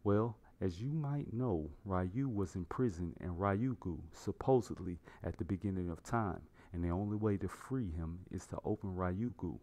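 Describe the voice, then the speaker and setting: A man reading as a scheming sorcerer hungry to become a god, in a low male voice. He swells louder on his grandest promises, a storybook villain in an everyday voice. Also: normal speed, hardly any pauses, close to an everyday voice.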